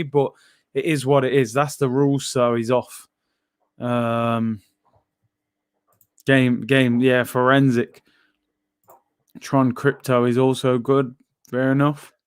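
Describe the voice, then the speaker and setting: A man's voice: medium pitch, clear, resonant tone, dry recording, studio quality. A man hosting a live football watchalong, chatting casually in slang and reading out chat messages.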